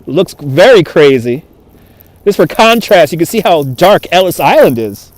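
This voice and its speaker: A man with a fairly high voice hosts a live stream outdoors, speaking into a phone on a gimbal. He chats loosely and laughs often as he thanks viewers by name. The sound is dry and close. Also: big pitch swings, a little slow, no room sound. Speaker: livestream host. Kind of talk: live walking stream chat. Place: outdoors on a cold waterfront.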